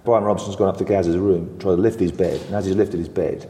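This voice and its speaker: A man's voice: low-pitched, quick pace. A man in his sixties, a former footballer, telling anecdotes with chuckles and many restarts. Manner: chuckling, animated storyteller, full of restarts. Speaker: former footballer, interview guest. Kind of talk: anecdotal storytelling. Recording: roomy reverberant room sound.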